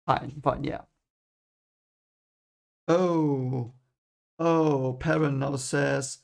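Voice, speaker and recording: Gravelly young man, halting read-along commentary. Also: medium pitch, fairly even intonation. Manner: hesitant, repeats words, chuckles often. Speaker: book reader reacting.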